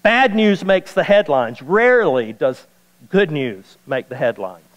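A man preaching a sermon as pastor, folksy and animated, repeating key lines and joking with the congregation. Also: on the high side, a little slow, big-room sound, poor audio. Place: church sanctuary.

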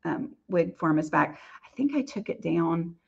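A woman's voice: on the low side, lively intonation, measured pace, creaky, husky, lo-fi sound. A woman hosting a casual live Q&A and answering viewer questions, talking in a chatty, rambling way with many fillers and restarts.

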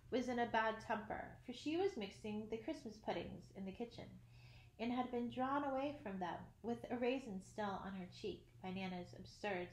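Woman storybook narrator, mid pitch, expressive, echoey room with faint background hum. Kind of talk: storybook reading.

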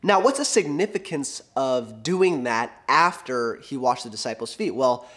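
A young adult man delivers a casual sermon in a relaxed, conversational tone. His voice sits at an ordinary middle pitch, and he animates the story he retells, with fillers and restarts along the way. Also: a little slow. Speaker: preacher.

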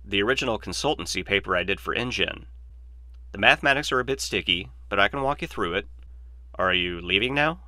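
A man's voice: on the low side, lively intonation, a little fast, pushed and bright, no room sound. A man voicing a glib, opinionated male mathematician in a dry, lecturing, sardonic manner, read as an audiobook. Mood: brisk. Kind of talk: audiobook reading.

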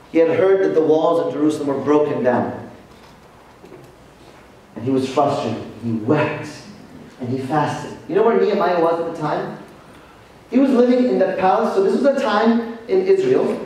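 A man, a priest, giving a lively sermon lecture and telling stories with acted-out voices. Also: on the high side. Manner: animated storytelling, acts out quoted voices. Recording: echoey hall, distant mic, faint noise.

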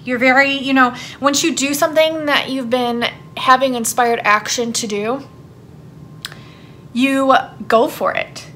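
A woman's voice: high-pitched, fairly even intonation, a little slow, a bit bright, slight background noise. A woman giving a casual tarot card reading for her channel, chatting in a rambling way with lots of fillers. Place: her home, downstairs.

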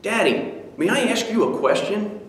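A man's voice: high voice, expressive, normal speed, distant mic, pitched above the performer's own voice. A man voicing an earnest, pleading five-year-old boy in a story told at a devotion. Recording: echoey hall.

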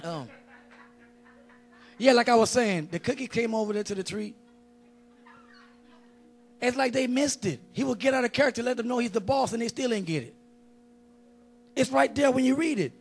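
High-voiced joking preacher. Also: male voice, moderate pace, vocal fry, long pauses. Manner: animated, joking, conversational street-style preaching. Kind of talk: lively sermon.

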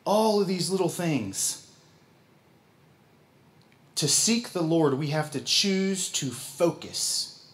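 A man with a Midwestern American accent preaching a sermon as pastor, folksy and quick to laugh at himself. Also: on the high side, lively intonation.

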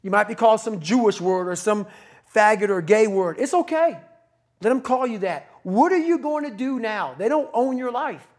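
A middle-aged man on a podcast, giving a blunt, profane, forceful motivational talk. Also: high-pitched, moderate pace. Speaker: podcast guest.

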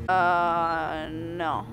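A woman with a slight Southern US accent, chatting through a live-streamed game and talking back to it. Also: fairly low pitch. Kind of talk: live-streamed gameplay commentary.

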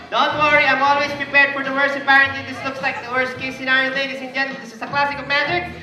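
A woman's voice: high-pitched, flat delivery, fast, pushed and bright. A woman with a Filipino accent working as a party magician, playfully teasing and coaxing the children through her tricks. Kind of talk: live kids' party magic show. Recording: echoey party hall, far from mic, music and crowd.

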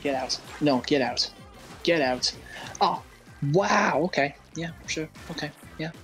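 A man's voice: fairly high pitch, a little slow, faint music behind, rough recording. Stammering British man, casual chat. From United Kingdom. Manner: stammering, repeats words when excited. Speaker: guest gamer. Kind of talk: casual chat while gaming.

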